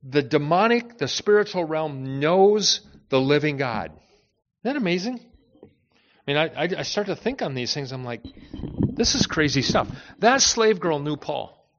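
Animated preaching man, lo-fi sound. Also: on the high side, measured pace. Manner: animated, conversational preaching with asides. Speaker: pastor. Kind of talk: sermon.

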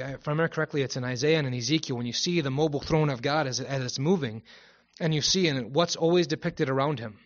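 A man's voice: a little high, a bit bright. A man preaching a Bible study sermon, reading King James scripture aloud and then commenting in a conversational way, stopping now and then to correct himself. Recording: muffled lo-fi recording.

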